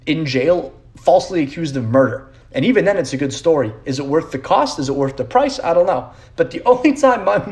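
A young man hosts a podcast in a loose, sarcastic rant, swearing freely and checking in with "right?" after each point. His voice sits at an ordinary middle pitch, and he rambles from one tangent to the next. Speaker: podcast host. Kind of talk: casual rant.

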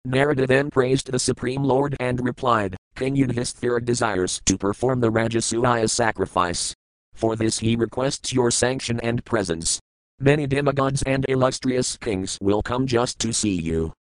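Male scripture reader, measured and formal, middle pitch, dry recording. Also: dry recording, low-quality recording. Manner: measured, formal reading with Sanskrit recitation. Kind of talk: scripted recitation of verses and translations.

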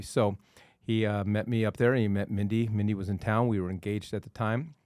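A man hosting a real estate podcast, telling a story in an animated, emphatic way. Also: on the low side, brisk, no echo, studio quality. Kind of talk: casual chat.

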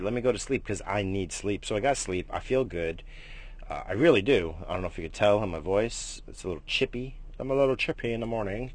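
A man hosting a casual morning vlog, rambling and swearing, jumping between loud bursts and low mutters. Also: husky, dry recording. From United States. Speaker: morning stream host.

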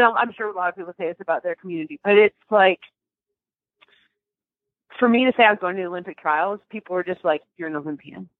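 A young woman telling a story in a casual interview, animated and emotional, with many restarts and laughs. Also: medium pitch, no echo. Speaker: guest. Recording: dry, tinny phone-like line.

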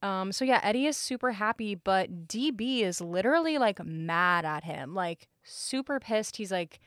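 Young woman podcast cohost, chatty movie recap, mid pitch, dry close sound. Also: lively intonation, normal speed, clear, resonant tone, no echo. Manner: chatty, fillers of "like", acts out quotes. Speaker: podcast co-host. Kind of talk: casual movie recap chat.

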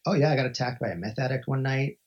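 Man, from Montana, podcast guest, very raspy voice, muffled lo-fi sound, animated storyteller. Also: medium pitch, fast. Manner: animated, acts out quoted voices, many filler "like"s. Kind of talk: conversational storytelling. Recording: dull lo-fi recording.

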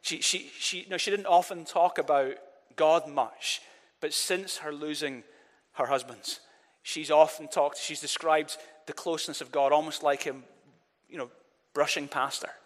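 Man, preacher, sermon, high voice, earnest, repeats himself, call-and-response, long church-hall reverb. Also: fairly even intonation, measured pace.

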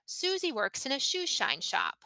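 A woman hosting an English podcast, slowly modeling tongue twisters and intonation for learners to repeat. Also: sits high, huge pitch swings, bright, forceful tone, no echo. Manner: careful, deliberate modeling of intonation. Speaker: English teacher and podcast host. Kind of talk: slow, clear pronunciation lesson.

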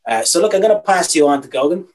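A man's voice: on the high side, animated, fast, darkish tone, low-quality recording. A young Irish man co-hosting a casual podcast, opinionated and ranting, with some swearing. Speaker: podcast co-host.

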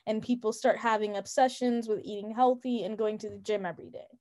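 A young woman with a somewhat high voice co-hosts a casual podcast. She talks in an opinionated, emphatic way and fills her speech with "like". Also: steady tone, brisk, a little mellow. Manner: opinionated, emphatic, frequent "like" fillers. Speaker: podcast co-host.

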